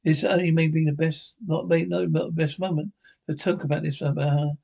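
Man reading a horror script, gravelly. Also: fairly high pitch, brisk. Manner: reads dialogue and sound cues flatly, with slips. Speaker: reader.

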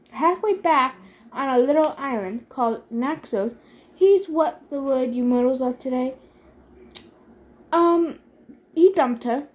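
A woman's voice: sits high, darkish tone. A woman voicing a disdainful, exasperated male god who looks down on heroes, in a storybook reading. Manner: sneering, disdainful. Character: sneering, bored male wine god, camp director.

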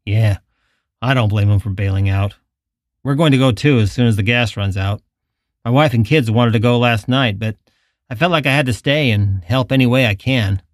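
A man's voice: medium pitch, moderate pace, no echo, lightly acted. Man voicing a tired gas attendant, blunt, matter-of-fact, dry sound. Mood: grim.

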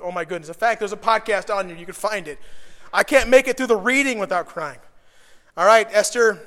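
A young man preaching a Bible lesson, emotional and animated, swinging from loud bursts to hushed asides. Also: high-pitched, big-room sound. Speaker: pastor. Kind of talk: sermon teaching.

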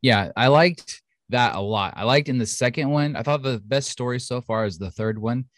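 A man co-hosting a podcast in casual chat, chatty, excitable and jokey. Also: medium pitch, normal speed, no room sound, studio quality. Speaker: podcast co-host.

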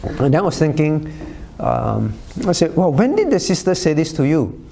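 Male pastor, Cantonese first language, animated sermon delivery, pitch moves a lot, teasing asides. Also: moderate pace, creaky, slight background noise. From Cantonese-speaking Chinese community. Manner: animated, teasing asides with frequent "all right?" check-ins.

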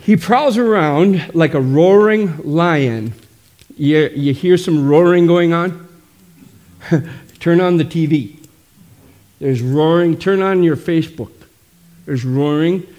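Middle-aged pastor, slightly high voice, punchy preaching with constant "amen?" calls. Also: male voice, slow, pauses often, a little mellow. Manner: emphatic, frequent calls of "amen?". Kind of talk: sermon.

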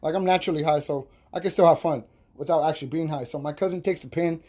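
High-voiced, profane man telling stories. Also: quick pace. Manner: animated, profane, laughing storyteller. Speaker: podcast host. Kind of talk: casual storytelling monologue.

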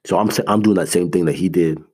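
A man with a very low, husky voice gives a motivational talk in an earnest, emphatic way. He is from Canada and speaks conversationally, with lots of "like" and restarts. He repeats his key points to drive them home. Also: fast talker, warm tone.

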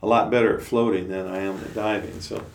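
Duck, a cocky, eager storybook bird, as a male storyteller puts her on, with a gravelly voice, in a roomy room. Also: deep voice, fairly even intonation, fairly quick, slight background noise. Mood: sheepish. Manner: boastful, then sheepish. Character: boastful eager female duck. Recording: roomy, distant mic.

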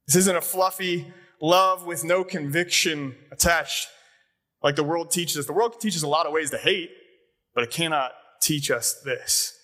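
A man's voice: a little high, a little slow, pushed and bright. A man preaching a sermon as a pastor, talking conversationally and often asking his congregation questions. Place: church sanctuary.

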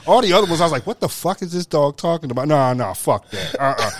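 Podcast cohost guy, kinda high voice, dry close sound, teasing and disbelieving. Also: expressive, quick pace, few pauses, dry recording. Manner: incredulous, teasing reactions. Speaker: podcast co-host. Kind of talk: casual chat.

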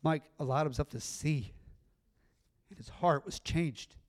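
Male pastor, middle-aged, slightly higher voice, earnest conversational sermon delivery. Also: a little slow. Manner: earnest, conversational preaching with rising emphatic bursts.

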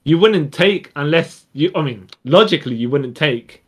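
A man's voice: a little high, expressive, moderate pace, husky. A man co-hosting a casual podcast, rambling and restarting his sentences often. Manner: rambling, restarts a lot, says yeah often. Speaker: podcast co-host. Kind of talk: casual chat.

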